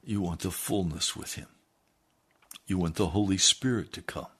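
A man preaching a sermon, reading aloud from a book and then pleading with his listeners, dropping low and quiet and then building to loud, emphatic appeals. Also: moderate pace, long pauses, breathy edge. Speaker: pastor.

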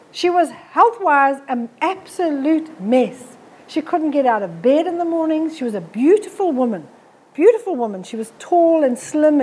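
A middle-aged woman giving a frank, chatty health talk to an audience. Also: high-pitched. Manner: frank, chatty, mimics people she describes. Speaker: nutrition speaker. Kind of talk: live motivational health talk.

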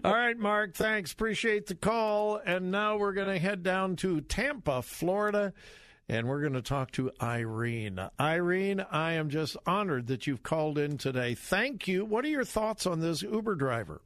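A man hosting a call-in radio show, folksy and animated, laughing easily with callers. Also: high-pitched, moderate pace, no room sound. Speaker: radio talk show host. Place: radio studio. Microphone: studio mic.

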